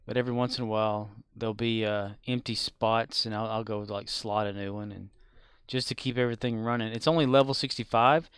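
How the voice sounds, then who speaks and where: A man chats loosely while streaming a game, drifting from thought to thought and restarting his sentences. His voice is smooth and resonant. The sound is dry and close, with no room echo. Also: lowish voice, steady tone, a little fast, fairly bright tone. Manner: rambling and offhand, with many fillers and restarts. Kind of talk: casual live-stream chat while gaming.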